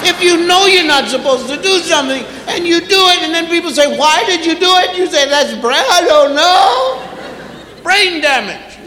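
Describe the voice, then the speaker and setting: A middle-aged man doing an animated stand-up routine, acting out parents scolding children. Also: very high voice, moderate pace, hardly any pauses, a faint crowd, a little hiss or hum. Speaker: stand-up comedian. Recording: echoey live hall.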